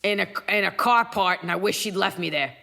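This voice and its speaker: A woman's voice: mid-range voice, fairly quick, creaky, pushed and bright. A woman voicing a grumpy, streetwise female cat who complains in tough, slangy talk.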